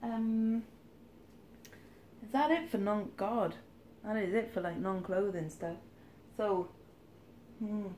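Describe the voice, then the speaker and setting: A woman talks through her charity shop finds in a loose, rambling vlog style. Her voice sits at a middle pitch, and she drifts into wry little asides as she goes. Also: slow, long pauses, warm tone, slight background noise. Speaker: charity shop reseller vlogger. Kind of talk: casual haul vlog chat.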